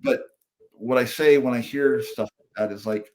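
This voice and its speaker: A man's voice: medium pitch, normal speed, darkish tone. A middle-aged man, a comedian and speaker, telling an earnest personal story as a guest on a podcast.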